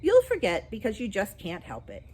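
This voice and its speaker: A woman's voice: medium pitch, wildly swooping pitch, normal speed, a little mellow, voice pushed up. A woman voicing a cheeky, knowing male starling in a storybook reading, with a mocking manner. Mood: jeering.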